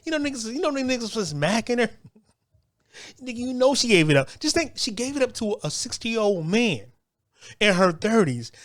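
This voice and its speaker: A man's voice: very high voice, big pitch swings, brisk, no room sound, clean studio sound. Man hosting a show, loose unscripted rant, trips over his words and keeps laughing. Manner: loose, repetitive, stumbling restarts, frequent laughter. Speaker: show host. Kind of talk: rambling monologue rant.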